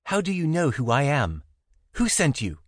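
A man's voice: medium pitch, very animated, moderate pace, no echo, clean studio sound, pitched above the performer's own voice. A man putting on a lilting young foreign woman. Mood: guarded, insistent. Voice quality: lilting accent. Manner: sharp, demanding questions.

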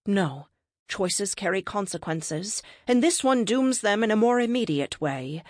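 A woman voicing a calm, cryptic ancient cosmic being in a science fiction story, speaking in terse, measured pronouncements. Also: medium pitch, dry recording, studio quality, pitched above the performer's own voice, natural voice. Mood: explaining. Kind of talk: audiobook character reading.

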